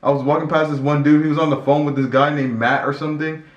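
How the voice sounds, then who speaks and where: Rambling, excitable man in an echoey room. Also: on the high side, fast, dull audio. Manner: excitable and rambling, with many restarts and repeated words. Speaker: vlogger. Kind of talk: casual storytelling to camera. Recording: echoey room with faint music.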